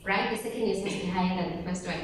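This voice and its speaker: A woman giving an animated motivational workshop talk to teenage girls, asking them questions and calling for their replies. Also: mid-range voice, fast talker. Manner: animated, asks the audience questions and calls for replies. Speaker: workshop speaker for teen girls. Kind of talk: motivational talk to a live group. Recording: very echoey room, voice from far off, faint noise.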